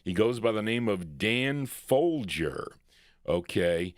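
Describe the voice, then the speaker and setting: A man's voice: on the low side, expressive, takes it slowly, no room sound, studio quality. A man hosting a record show, chatting casually and wandering off topic between songs. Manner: rambling, digressive, folksy. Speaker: radio show host.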